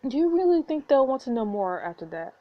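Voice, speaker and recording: A woman's voice: high-pitched, big pitch swings, fast, muffled recording, voice pushed up. A woman voicing a guarded young man, the twin brother, speaking bluntly and warily as she reads a story game aloud. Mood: wary.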